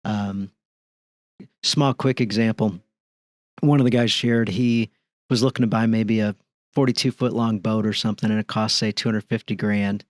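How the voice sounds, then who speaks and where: A middle-aged man, a podcast guest, telling stories in easy conversation with an animated delivery. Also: fairly low pitch, normal speed, dry recording, studio quality. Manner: animated, acts out dialogue in his stories. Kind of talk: conversational storytelling.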